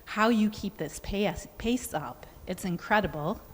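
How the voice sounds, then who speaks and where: A woman's voice: medium pitch, measured pace. Woman, audience member, admiring, gushing, filler "like", echoey hall. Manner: admiring, gushing, uses "like" a lot. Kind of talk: audience question.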